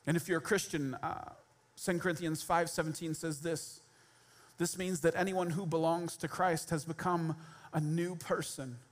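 High-voiced pastor preaching casually. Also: male voice, fairly even intonation, normal speed. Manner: conversational, direct, humorous asides to the congregation. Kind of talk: sermon.

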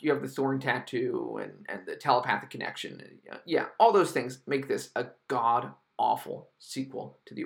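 A man with a gravelly, creaky voice delivers a solo review podcast. He rants with sarcasm and exasperation and swears freely. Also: medium pitch, fairly bright tone. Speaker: podcast host reviewing films.

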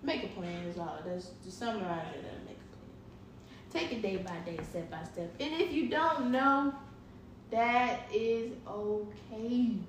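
A woman co-hosting a casual podcast chat, relaxed and reflective, laughing easily. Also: mid-range voice, unhurried. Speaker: co-host. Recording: echoey room from a distance with noise.

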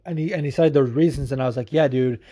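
Mellow-voiced man, excitable podcast host. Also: a little high, very fast, husky. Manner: swears freely, excitable storytelling. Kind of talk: casual podcast chat. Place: at home.

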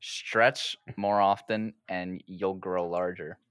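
A man co-hosting a podcast, giving deadpan mock advice in casual banter. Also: sits low, slow, smooth, no room sound, studio quality. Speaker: podcast co-host. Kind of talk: casual joking chat.

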